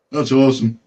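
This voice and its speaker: A man's voice: mid-range voice, fairly bright tone, muffled recording. A man chatting as a guest on a live stream, swearing and rambling. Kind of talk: casual live-stream chat.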